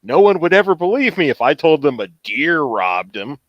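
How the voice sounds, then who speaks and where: Man, player, joking, dry close sound, slightly high voice. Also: very animated, moderate pace, dry recording, dull audio. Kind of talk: casual chat.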